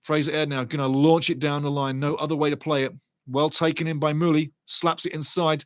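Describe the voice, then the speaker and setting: A man commentating live on a match and reading out viewer chat, excitable and chatty, with a habit of repeating catchphrases. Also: fairly high pitch, fairly quick, no echo. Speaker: watch-along commentator.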